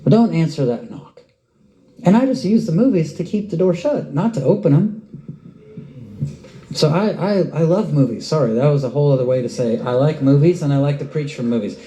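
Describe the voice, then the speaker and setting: A man preaching in a roomy, echoing space, his voice deep and very mellow in tone. He tells his stories with animation, jumping up in pitch as his enthusiasm builds. The sound carries the reverberation of a large hall. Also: a little fast. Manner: animated storyteller, pitch jumps up when excited. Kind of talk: sermon. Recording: roomy echo.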